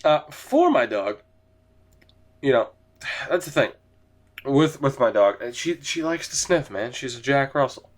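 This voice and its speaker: A man's voice: mid-range voice, sing-song, a little slow, long pauses. Sleepy, rambling gaming commentator man. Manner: rambling, swears casually. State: sleepy, yawning. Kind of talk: casual let's-play commentary. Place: home gaming setup, in a chair.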